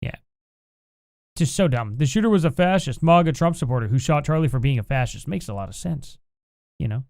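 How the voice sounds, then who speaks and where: A man's voice: medium pitch, animated, a little fast, a little mellow, no echo, studio quality. A man hosting a live stream, reading chat aloud and answering it with combative, sarcastic, exasperated rants, plainly angry. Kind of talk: heated live-stream commentary.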